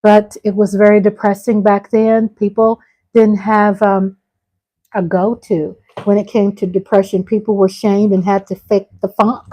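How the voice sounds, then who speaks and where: A woman's voice: mid-range voice, flat delivery, unhurried, mellow, no room sound, low-quality recording. A middle-aged woman hosting a casual live stream. She reads out viewer comments and chats back to them, calling her viewers y'all and breaking into exclamations.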